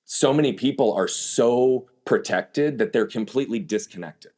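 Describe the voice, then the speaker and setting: A man's voice: mid-range voice, moderate pace, darkish tone. A man as an interview guest, telling his story candidly and emphatically and asking himself rhetorical questions. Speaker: podcast guest.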